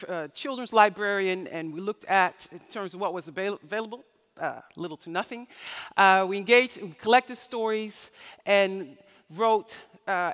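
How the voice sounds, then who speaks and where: A woman's voice: mid-range voice, a bit bright. A woman giving a conference keynote speech, telling stories expressively and acting out the voices of the people she quotes. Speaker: keynote speaker. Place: large conference hall. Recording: reverberant hall.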